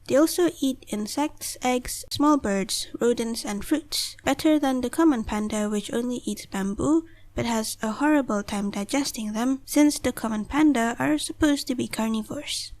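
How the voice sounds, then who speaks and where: A woman's voice: fairly high pitch, normal speed, hardly any pauses, darkish tone. A woman narrating a top-ten list video, reading a prepared script in short phrases.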